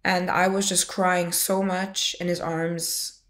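A woman's voice: on the low side, little pitch movement, takes it slowly, a bit bright. A woman in her twenties casually telling a personal story in a rambling way, full of "like" and restarts, and emotional as she retells it. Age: 20s. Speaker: interviewee sharing a personal story.

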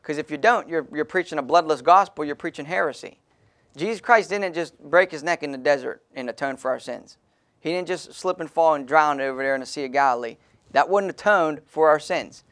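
A man's voice: on the high side, a bit bright. A man preaching an emphatic sermon as pastor in a small church, calling on the congregation to read verses aloud.

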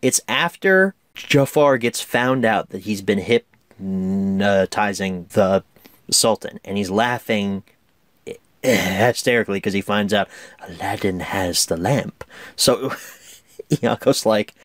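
A man's voice: fairly low pitch, slow, no echo. A man giving a casual, chatty film review, enthusiastic and laughing often.

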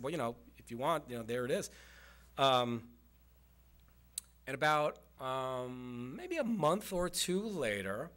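A man's voice: a little high, a bit bright. A man, a historian, giving a public lecture to a community audience, explaining in a conversational way with asides and fillers. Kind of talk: lecture with slides. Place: community center presentation.

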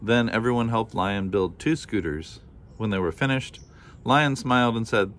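A man calmly narrating a children's storybook. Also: fairly low pitch, normal speed. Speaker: storybook reader.

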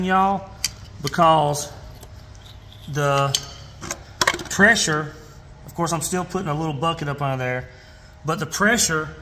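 A man's voice: on the high side, fairly bright tone, a little hiss or hum. A man from Georgia with a Southern accent, casually walking through a hands-on repair and talking folksily with lots of "y'all" and fillers. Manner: folksy, says "y'all" often, many fillers and restarts. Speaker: fishing channel host. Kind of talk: casual how-to demonstration.

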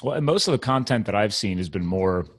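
Low-voiced enthusiastic podcast host. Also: male voice, animated, fast, no room sound. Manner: enthusiastic, rambling. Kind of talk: casual interview chat.

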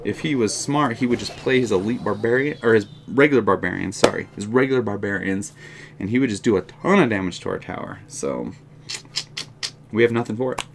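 A man giving casual live commentary on his own gameplay, excitable and quick to laugh or vent. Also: on the low side, creaky, background noise. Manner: excitable, swings to frustrated outbursts and laughter; casual, says "oh my heck" and "dude". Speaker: gaming channel host.

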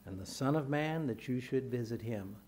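A man delivering a sermon as a pastor, speaking in measured phrases and lifting his voice when he reads scripture aloud. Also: medium pitch, lively intonation, a little mellow, a little hiss or hum.

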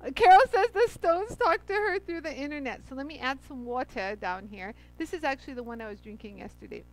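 High pitched gal chatting away on a live stream, bubbly, keeps saying hi to folks. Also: female voice, animated, a little fast, rough recording. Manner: chatty and effusive, greets viewers by name; laughs often. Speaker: livestream host demonstrating stone grinding. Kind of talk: casual livestream chat and demo.

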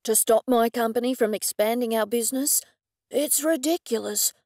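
A woman voicing a grieving male businessman, speaking slowly and heavily with aggrieved frustration. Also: fairly high pitch, a little mellow, no room sound, clean studio sound. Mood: grieving, frustrated. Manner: slow, heavy, aggrieved pleading.

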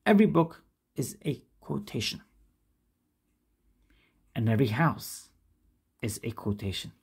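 A woman reads an old essay aloud at an unhurried pace. Her voice is husky with a gravelly edge, and her pitch rises and falls a lot. She goes carefully and restarts when a difficult name trips her up. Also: sing-song, darkish tone. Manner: careful, stumbles and restarts on hard names. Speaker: reader. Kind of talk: reading a classic essay aloud.

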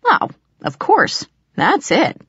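A woman's voice: lowish voice, very animated, measured pace, no echo, exaggerated voice. A woman voicing a mischievous teenage boy, teasing and laughing at his neighbor. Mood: needling. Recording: dry, slightly muffled.

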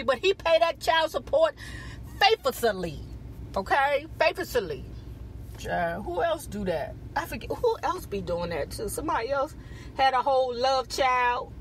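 Heard only as audio, a high-voiced woman hosts a celebrity gossip vlog with casual commentary, sassy and profane, constantly calling people "child" and "baby." Her tone is a bit bright, and there's slight background noise.

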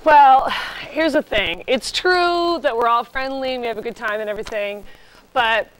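A woman in her thirties, a celebrity guest on a comedy talk show, telling lively stories and acting out voices. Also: on the high side, moderate pace, low-quality recording. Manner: animated, chatty, does voices in her stories.

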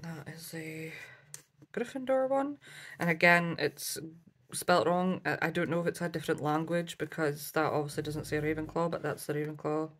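Deep but a bit bright, this woman's voice moves at normal speed. As a craft vlogger showing off a haul, she talks casually, fills gaps with ums, wanders into asides, and keeps correcting herself.

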